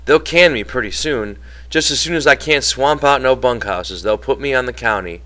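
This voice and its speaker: A man's voice: medium pitch, animated, normal speed, bright, forceful tone, pitched above the performer's own voice. Man doing Candy, a pleading old one-armed ranch hand. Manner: pleading, eager, plain rural talk. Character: elderly one-handed male ranch hand, anxious, eager.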